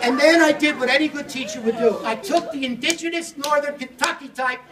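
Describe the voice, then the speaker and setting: A man giving a comic, theatrical storytelling keynote on language learning, animated and at times shouting. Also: very high-pitched, fairly quick, noisy background. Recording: echoey hall audio from a distant mic with audience.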